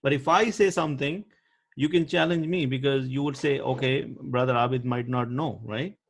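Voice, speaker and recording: A man's voice: mid-range voice, moderate pace. A man teaching Arabic grammar over a video call, patiently quizzing his students by name. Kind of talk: online class teaching.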